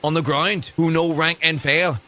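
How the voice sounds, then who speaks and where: A man's voice: fairly high pitch, steady tone, moderate pace, pushed and bright, pitched above the performer's own voice. A man putting on a Northern Irish accent to read out the words of a middle-aged loyalist man, with a defensive delivery.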